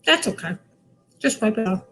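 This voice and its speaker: A librarian leads a kids' cooking demo in the library lounge, her tone cheerful and sing-song. She has a fairly high, fairly bright voice with lively intonation and normal pacing, and there is slight background noise.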